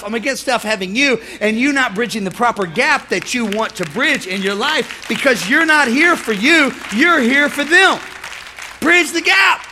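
A man preaching a lively sermon, calling for amens and acting out the voices of the people in his stories. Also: very high-pitched, slight background noise. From United States. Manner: lively preaching, calls for amen, acts out voices. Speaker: pastor.

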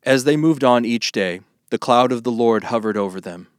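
A man reading scripture aloud in a steady, measured way. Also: mid-range voice, no echo, studio quality. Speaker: Bible reader.

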